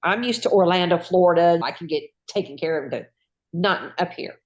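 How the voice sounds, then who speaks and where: A woman, a retired nurse, telling her own patient story in a lively, folksy conversational way. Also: fairly low pitch, moderate pace, highs cut off. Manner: lively, acts out voices in quoted dialogue. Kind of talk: personal storytelling.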